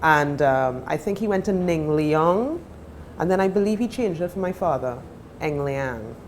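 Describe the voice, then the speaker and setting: A woman's voice: deep voice, animated, normal speed, darkish tone, slight background noise. A Trinidadian woman telling stories as a guest in casual chat in a TV studio. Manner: chatty, storytelling.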